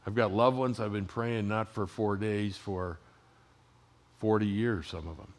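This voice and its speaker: Older guy pastor preaching, chatty stories, gets real quiet then loud again. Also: lowish voice, fairly even intonation, a little slow. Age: 60s. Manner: conversational storytelling, swings from loud to hushed. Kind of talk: sermon.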